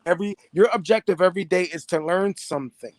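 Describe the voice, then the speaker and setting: A man's voice: high-pitched, fast, a little mellow, no room sound. A young man talking casually and profanely to his viewers, streetwise and repeating himself. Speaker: vlogger.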